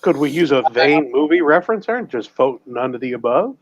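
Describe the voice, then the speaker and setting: A man from Minnesota co-hosting a casual political chat on the radio, throwing in quick jokes and asides. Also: mid-range voice, lively intonation, muffled recording, a crowd in the background. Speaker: radio show co-host.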